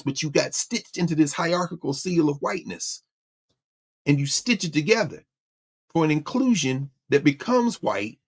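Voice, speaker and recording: A man's voice: fairly high pitch, vocal fry. A man hosting a lecture show, giving fiery, sermon-like political commentary with slang, sarcasm and laughter. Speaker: host and lecturer.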